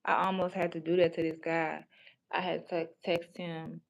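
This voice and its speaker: A woman's voice: on the low side, flat delivery, moderate pace, creaky, dull audio. A woman hosting a livestream in casual chat, talking bluntly and profanely, rambling with many restarts. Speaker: livestream host.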